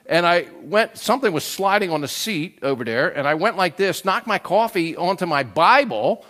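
An older man preaching a sermon in an animated storytelling way, often checking in with "right?". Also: high voice, normal speed. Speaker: pastor.

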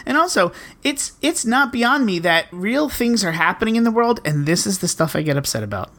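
A woman's voice: mid-range voice, sing-song, a little fast, fairly bright tone. A woman co-hosting a podcast in casual chat, complaining and swearing with sarcastic humor. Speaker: podcast co-host.

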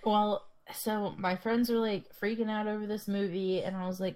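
A woman's voice: mid-range voice, little pitch movement, moderate pace, hardly any pauses, darkish tone. A young woman co-hosting a podcast, telling stories in a rambling way, swearing freely and laughing often. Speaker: podcast co-host. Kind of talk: casual chat.

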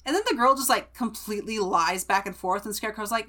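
A woman co-hosting a podcast, summarizing a book in animated, chatty casual talk. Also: medium pitch, fast talker, few pauses. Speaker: podcast co-host.

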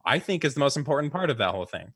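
A man's voice: medium pitch, big pitch swings, very fast, gravelly, fairly bright tone, slightly rough, no room sound. A man co-hosting a casual political podcast, rambling with many fillers and restarts. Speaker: podcast co-host.

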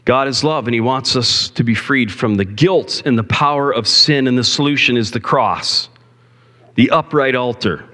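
A man's voice: medium pitch, normal speed, sharp tone. A male pastor preaching a sermon in a church, talking conversationally and asking the congregation questions. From Canada. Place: church sanctuary. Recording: long hall reverb.

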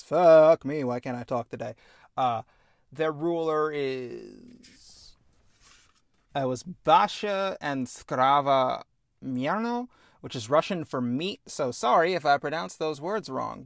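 A man's voice: fairly high pitch, vocal fry, fairly bright tone, no echo, studio quality. A man hosting a podcast, explaining at length in a casual, enthusiastic way and often correcting himself mid-sentence. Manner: rambling, enthusiastic, self-correcting. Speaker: podcast host.

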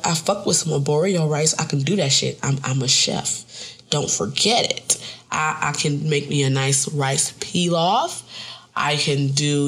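A mother giving a casual comedic monologue to camera, animated and full of profanity. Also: gravelly. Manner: animated and profane, with frequent jumps up in pitch for emphasis. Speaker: mother and vlogger.

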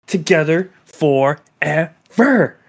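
A man's voice: a little high, lively intonation, very slow, vocal fry, husky, heavily acted. A man putting on a clingy lovesick young woman. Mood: obsessive. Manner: clingy, accusing, dramatic.

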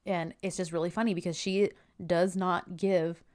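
A woman's voice: fairly low pitch, fairly even intonation, normal speed, darkish tone. A woman chatting casually as a co-host, animatedly retelling TV scenes and acting out the characters' lines. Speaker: co-host recapping a TV series.

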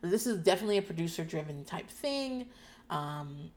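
A woman's voice: lowish voice, lively intonation, normal speed, a little mellow. A woman recapping reality TV in casual chat, sardonic and profane, laughing often. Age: adult parent. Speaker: podcast host.

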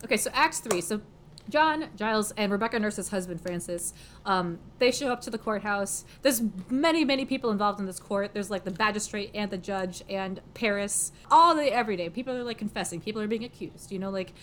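A woman's voice: mid-range voice, brisk, a bit bright, slight background noise. Chatty woman full of "like" fillers. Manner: chatty, heavy "like" and "um" fillers, laughs often. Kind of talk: casual plot summary.

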